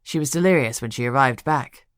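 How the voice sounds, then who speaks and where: Woman playing a steady immortal dragon man, low voice, measured, dry close sound, audiobook. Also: no echo. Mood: calm. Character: calm immortal male dragon shifter, steady.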